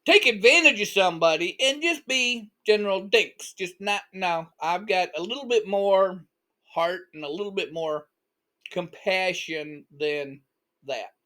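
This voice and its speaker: A man's voice: sits high, unhurried, sharp tone. A man voicing a big grumpy male dragon in a told story, who talks in a blunt, folksy grumble. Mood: disgusted.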